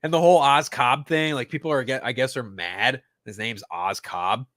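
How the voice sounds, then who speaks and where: A man hosting a pop-culture podcast, ranting casually with constant swearing and sudden loud mock-crying outbursts. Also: mid-range voice, lively intonation, moderate pace, few pauses, no echo. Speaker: podcast host.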